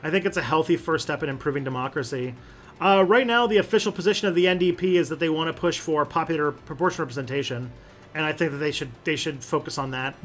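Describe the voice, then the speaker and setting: A man's voice: fairly high pitch, quick pace, a bit bright, faint music behind. Rambling man hosting a livestream. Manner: rambling, full of fillers and restarts. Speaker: livestream host answering chat. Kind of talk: casual livestream chat.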